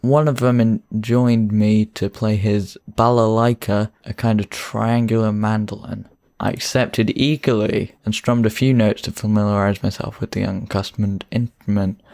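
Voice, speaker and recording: A man's voice: lowish voice, little pitch movement, vocal fry, a little mellow, no echo, studio quality. A man reading as a prim diary-keeping valet. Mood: formal. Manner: measured, mock-formal storybook reading. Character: earnest male valet writing a travel diary.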